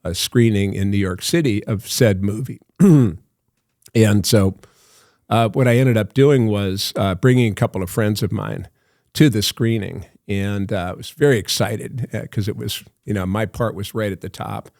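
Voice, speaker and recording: A man's voice: lowish voice, normal speed, gravelly, darkish tone, dry recording, clean studio sound. An older man, an actor guest on a podcast, telling long anecdotes full of fillers and laughs. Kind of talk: storytelling in a podcast interview.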